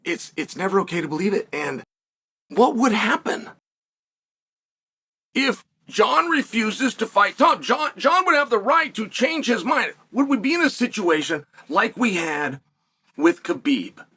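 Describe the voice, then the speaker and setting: A high-pitched, lively male host talks straight to his audience. His voice is bright and slightly husky, with emphatic stretches and drawn-out pauses for effect. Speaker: show host. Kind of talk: solo commentary.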